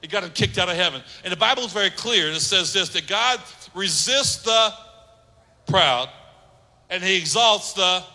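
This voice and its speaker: A man's voice: sits high, animated, normal speed, sharp tone. A man preaching a sermon as pastor, emphatic, repeating phrases and acting out little quotes. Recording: long hall reverb.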